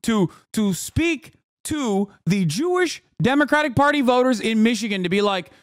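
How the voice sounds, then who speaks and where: A man in his thirties, a streamer reacting to a clip, ranting in exasperated, profane disbelief and shouting at times. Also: extremely high pitch, expressive, normal speed, no echo, studio quality. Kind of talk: angry ranting commentary.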